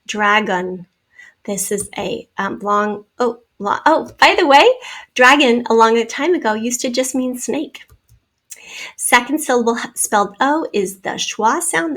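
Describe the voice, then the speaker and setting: A woman teacher with a somewhat high, gravelly voice, walking children through a spelling lesson. She talks patiently and sounds out each syllable slowly and clearly. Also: fairly bright tone.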